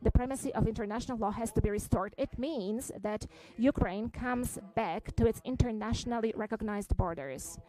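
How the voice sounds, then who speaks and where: A woman giving a simultaneous interpretation at a press conference, halting, with frequent fillers and restarts. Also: a little high, dark tone, poor audio.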